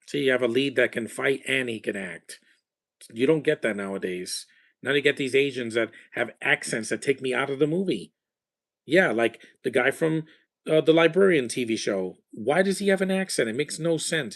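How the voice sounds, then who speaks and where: This is a man recording a live commentary over a movie, speaking casually at a mid-range pitch. His remarks wander from one point to the next, full of fillers and false starts. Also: vocal fry, a bit bright. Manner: rambling, off-the-cuff remarks with frequent restarts. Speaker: film commentator.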